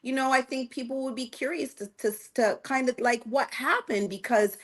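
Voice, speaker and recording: A woman's voice: high voice, normal speed. A woman guest on a podcast, married, speaking thoughtfully and agreeing with the host. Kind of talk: casual chat.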